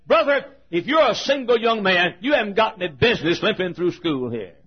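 Male pastor, emotional sermon storytelling; husky, raised pitch; lo-fi muffled recording. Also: expressive, a little fast. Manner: emotional storytelling with repetitions, shifting volume. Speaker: preacher.

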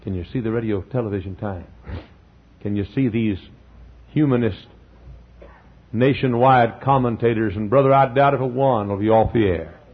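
A man preaching a fiery revival sermon, swinging from hushed passages to shouting and often clearing his throat. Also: mid-range voice, normal speed, long pauses, lo-fi sound.

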